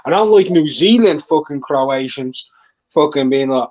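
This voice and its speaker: A man's voice: on the high side, lively intonation, a little slow, darkish tone, a little hiss or hum. Stammering Irish-born man on a call. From Ireland. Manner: stammering restarts, bantering, says "mate". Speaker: stream caller. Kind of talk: casual chat on a live stream. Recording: dull lo-fi call audio.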